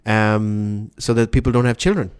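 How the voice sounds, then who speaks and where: A man's voice: fairly low pitch, steady tone, normal speed, clear, resonant tone. A man co-hosting a podcast in casual chat, talking hesitantly with many restarts. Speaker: podcast co-host.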